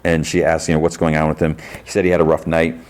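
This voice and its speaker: A man's voice: very deep voice, completely flat delivery, quick pace, a little mellow, clean tone. A man casually recapping a TV episode on his podcast, rambling with fillers and chuckles. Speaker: podcast host.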